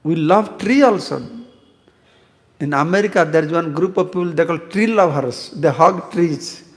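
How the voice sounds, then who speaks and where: Monk lecturing in a reverberant hall. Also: male voice, fairly high pitch, moderate pace. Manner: storytelling, asks the audience questions, chants verses. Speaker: monk teaching a scripture class. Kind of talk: scripture class lecture. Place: temple hall.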